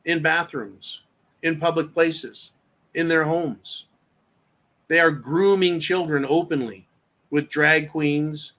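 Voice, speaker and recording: A man's voice: a little high, a bit bright. A man hosting his own show, ranting in a profane, combative way and reading out viewer comments. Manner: reads viewer chat aloud. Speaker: show host. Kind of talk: live-stream commentary rant.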